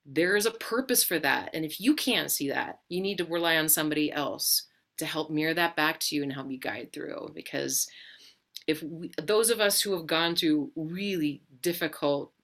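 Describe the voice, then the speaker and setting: A woman with a low voice offering gentle, reassuring reflections. She speaks slowly and deliberately, in a calm spiritual tone.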